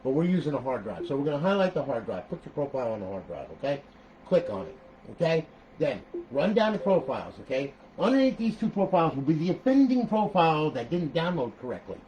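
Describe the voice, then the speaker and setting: A man walking viewers through a modded game console setup in a casual, talky tutorial, checking in with "okay?" after nearly every step and breaking into animated outbursts. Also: fairly high pitch, quick pace, a little hiss or hum, low-quality recording. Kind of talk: casual screen-recorded tutorial.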